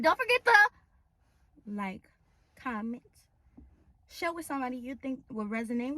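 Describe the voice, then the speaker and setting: A woman talks straight to her viewers in a casual vlog. Her voice sits a little high, and she builds her points through emphatic, preacher-like repetition. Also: sing-song, measured pace, pauses often, a bit bright. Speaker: vlogger. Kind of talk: casual talk to camera.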